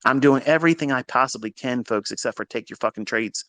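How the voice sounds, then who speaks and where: A man's voice: medium pitch, fast talker, sharp tone, dry recording. A man coaching traders in a blunt, profane motivational monologue. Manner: profane, emphatic, preachy. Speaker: trading coach.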